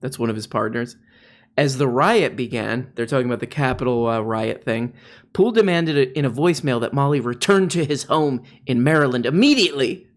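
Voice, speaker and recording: A man's voice: mid-range voice, fairly quick. A man giving casual, mocking commentary, often dropping into mock voices. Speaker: political commentator.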